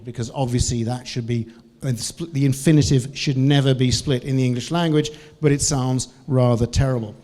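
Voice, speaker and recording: A man with a New Zealand accent giving a lively, joking conference talk on English and asking the audience questions. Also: medium pitch, normal speed. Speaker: language trainer. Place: conference hall.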